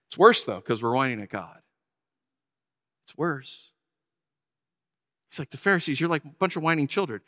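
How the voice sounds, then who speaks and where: A man preaching a sermon, animated and acting out whiny voices to make his points. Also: on the high side, fairly quick, in a large hall. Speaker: pastor.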